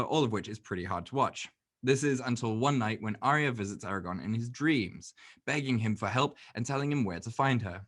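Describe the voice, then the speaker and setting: A man co-hosting a movie podcast, recapping a film plot in casual, animated chat and swearing freely. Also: medium pitch. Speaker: podcast co-host.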